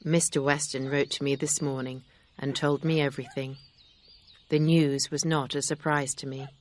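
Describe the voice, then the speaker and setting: A woman reading an audiobook, voicing a grave, sincere gentleman in a measured, serious manner. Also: very deep voice, little pitch movement. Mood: earnest.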